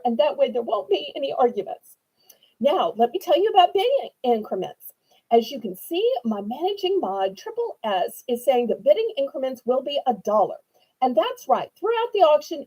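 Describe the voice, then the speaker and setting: Woman hosting a live sale, high, sweet and chatty, mellow tone. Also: low-quality recording. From New Orleans, Louisiana. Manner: sweet, chatty, animated and eager to please. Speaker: live auction seller. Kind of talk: live-stream sales chat.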